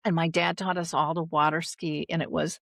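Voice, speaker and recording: A woman's voice: low voice, little pitch movement, a little fast, vocal fry, a bit bright, dry recording. A middle-aged woman, a dementia care advocate, earnestly recounting a personal family story with emotion and a few restarts.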